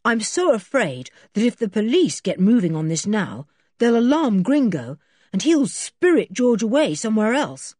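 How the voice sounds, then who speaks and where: Sensible boy in charge, decisive and lively, voiced by a woman. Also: fairly high pitch, normal speed, no echo, clean studio sound, pitched above the performer's own voice. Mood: earnest. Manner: firm, decisive. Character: firm sensible older boy leader.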